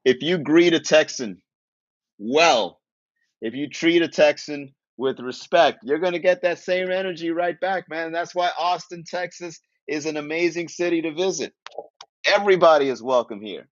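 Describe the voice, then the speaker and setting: A man's voice: fairly high pitch, normal speed, dry recording, dull audio. A man from Miami hosting a casual comedy livestream, joking and chatting with viewers, laughing at his own jokes. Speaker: comedy podcast host.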